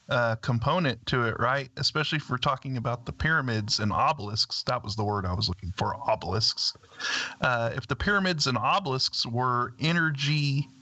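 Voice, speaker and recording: Hesitant male talk radio host, slow. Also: mid-range voice, sharp tone, dull audio. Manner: hesitant, many "uh" fillers. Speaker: stand-in radio show host. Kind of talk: casual talk radio chat.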